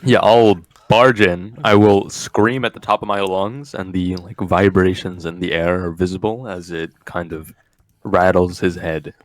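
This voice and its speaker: A man's voice: sits low, steady tone, no echo. A man playing a tabletop game, speaking hesitantly as he declares his moves. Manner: hesitant, halting. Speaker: player. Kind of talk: casual game chat.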